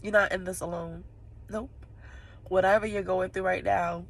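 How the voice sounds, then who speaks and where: Parked in her car, a woman vlogs straight to her viewers, tearful and sniffling, rambling and laughing through her tears in a casual monologue. Her medium-pitched voice is gravelly and husky, with a steady tone and measured pace.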